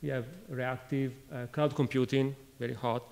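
A man from Italy with an Italian accent gives a technical conference talk in a halting way, restarting phrases and questioning the audience. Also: medium pitch, level tone, gravelly, darkish tone. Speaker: conference speaker. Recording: reverberant lecture hall.

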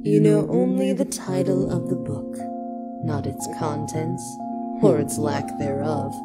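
A woman voicing a cryptic hooded river ferry monster who talks in slow riddles and sing-song nonsense. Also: low-pitched. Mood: riddling. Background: music.

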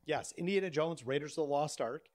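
A man's voice: a little high, fairly quick, darkish tone. A man in his thirties hosting a podcast, telling stories with profane mock outrage. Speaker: podcast host. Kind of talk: casual podcast banter.

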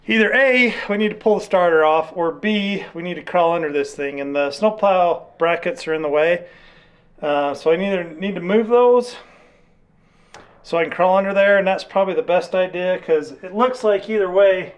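This man has a high voice and a moderate pace as he chats to the camera about an old truck he's fixing. He's a mechanic vlogger, easygoing and practical with a dry sense of humor, moving between the garage and an outdoor yard.

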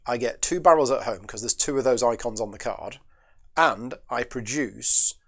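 A man hosting a solo board game playthrough, thinking his moves through aloud, asking and answering his own questions, and chatting with viewers between moves. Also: medium pitch. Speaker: board game channel host.

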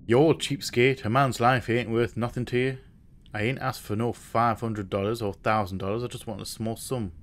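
A man's voice: mid-range voice, fairly even intonation, moderate pace, close to an everyday voice. A man putting on an indignant widow's voice. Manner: put-on accent, rough slangy grammar. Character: indignant working-class widow demanding money. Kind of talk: reading a game letter aloud in character.

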